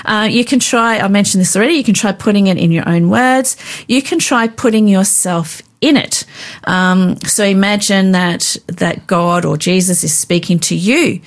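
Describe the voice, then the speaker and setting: A woman calmly teaching how to read and pray through the Bible, in an unhurried, instructive way with frequent filler sounds. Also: mid-range voice. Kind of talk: devotional teaching chat.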